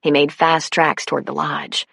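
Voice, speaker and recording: A woman with a notably low voice reads a novel aloud at a steady, unhurried pace. Her narration is recorded close and dry, with no room sound at all. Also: vocal fry, breathy edge, no echo. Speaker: audiobook narrator. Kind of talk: scripted narration.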